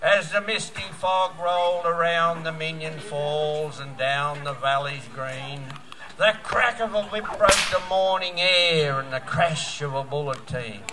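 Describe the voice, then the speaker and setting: A man's voice: a little high, measured pace, background noise. A man in his seventies with an Australian accent, reciting a bush poem in a rhythmic storytelling way over music. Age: 70s. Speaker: bush poet.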